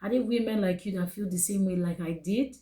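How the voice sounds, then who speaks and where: Earnest Nigerian woman, mellow voice. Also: medium pitch, fairly quick, poor audio. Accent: Nigerian English. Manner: earnest, emotional, repeats phrases for emphasis. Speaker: vlogger. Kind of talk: personal storytelling to camera.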